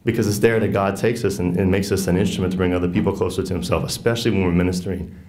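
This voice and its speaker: A man with a low, deep voice and a Southern US accent leads a teaching session. He speaks in an earnest, folksy, conversational way and keeps checking in with his listeners. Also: steady tone, very fast, darkish tone. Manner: earnest, folksy, with frequent "right?" asides. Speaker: catechist teaching a workshop on faith and marriage. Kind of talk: conversational teaching talk to a group.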